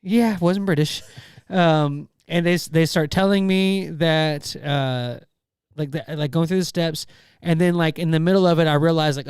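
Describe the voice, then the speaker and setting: A man's voice: a little high, normal speed, darkish tone, smooth, no echo, clean studio sound. Chatty man rambling through a story. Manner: rambling storyteller, frequent fillers and restarts. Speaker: podcast co-host. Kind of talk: casual chat.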